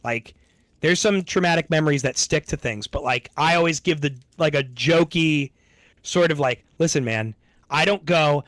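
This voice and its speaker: A man's voice: a little high, moderate pace, fairly bright tone, dry recording. A man streaming to his audience in rambling, laid-back casual chat, swearing freely.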